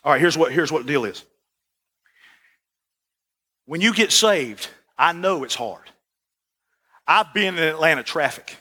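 A man preaching a sermon as the pastor, folksy and animated, repeating "listen" and asking for "amen". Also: on the high side, measured pace, long pauses, breathy edge.

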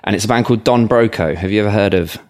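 A man's voice: fairly low pitch, racing. Hesitant man co-hosting a podcast. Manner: hesitant, stammering restarts, lots of fillers. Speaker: podcast co-host. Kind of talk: casual podcast chat.

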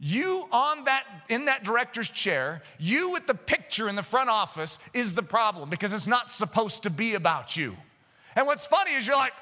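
A man preaching a sermon as a pastor, telling an animated story and breaking into shouts. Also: very high-pitched, normal speed, long reverb tail.

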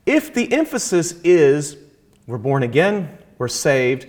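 An earnest man explains his Christian faith in a conversation. He talks in a measured way, often pausing and restarting, and draws out key phrases to stress them. He quotes scripture as he goes. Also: mid-range voice, sing-song, darkish tone. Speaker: Christian guest speaker.

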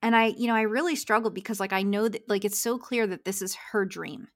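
A woman's voice: medium pitch, fairly even intonation, fast. A woman, a success coach, talking earnestly in a podcast interview and laughing often.

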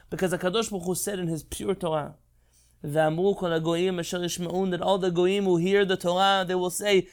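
A man's voice: high-pitched, fairly bright tone. A man giving an impassioned Torah lecture, emphatic and rhetorical. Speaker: rabbi.

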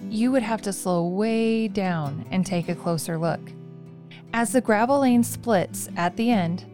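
A woman with a mid-range voice narrates a podcast script, calm and measured. She lays out her description at an even pace. Soft guitar plays quietly under her words. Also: medium pitch.

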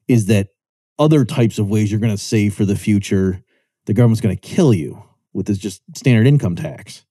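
A mellow-voiced man speaks at normal speed, recorded at studio quality with no room sound. Lecturing on economics in a chatty way, he checks in with "right?" and lifts his voice to play out quoted remarks.

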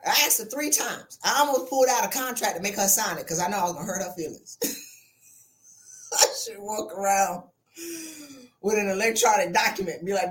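Sassy, animated woman giving blunt advice. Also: normal speed, long pauses. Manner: animated, sassy and blunt, with wide swings in pitch and loudness; colloquial and direct, calls listeners "sis". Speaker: podcast host and life coach. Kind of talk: motivational monologue.

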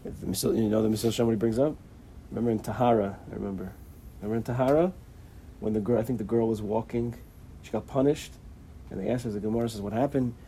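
A man giving an informal religious lecture in a halting way, often repeating words and acting out little dialogues. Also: fairly low pitch, warm tone, slight background noise. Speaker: religious teacher.

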